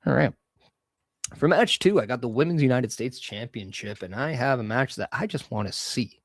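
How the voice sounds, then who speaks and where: A man's voice: medium pitch, a little fast, no room sound. A man hosting a solo podcast, talking casually and with energy, giving strong opinions as he goes. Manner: energetic, opinionated, loose fantasy-booking talk. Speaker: podcast host.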